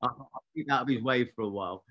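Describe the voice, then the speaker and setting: A man's voice: medium pitch, fast talker. Older english guy, film assistant director, rambly storyteller, keeps restarting, muffled lo-fi audio. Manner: rambling anecdotal, frequent restarts. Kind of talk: career interview storytelling.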